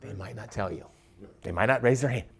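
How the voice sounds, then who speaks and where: A man giving a live leadership workshop, animated, asking the audience questions and stumbling over quick restarts. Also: fairly low pitch, breathy edge. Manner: animated, asks the crowd questions, stammers on restarts. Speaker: leadership speaker.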